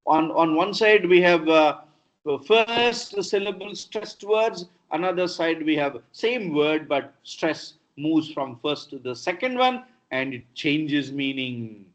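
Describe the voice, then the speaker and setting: A man's voice: a little high, expressive, slow pace. A middle-aged man with an Indian English accent giving an online lecture on pronunciation, repeating words to show how stress shifts. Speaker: professor teaching pronunciation. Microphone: video call. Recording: dull lo-fi video call audio.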